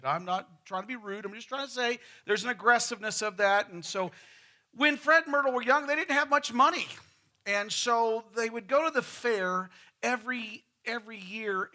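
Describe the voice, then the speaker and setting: Folksy West Texas pastor, high bright voice. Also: male voice. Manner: folksy storytelling, repeats words when starting. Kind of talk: sermon with a told joke. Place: church sanctuary.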